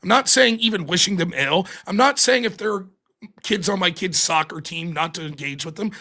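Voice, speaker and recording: A man hosting a live-streamed political commentary show, ranting in an exasperated, animated and profane way. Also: high voice, fairly quick. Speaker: livestream political commentary host.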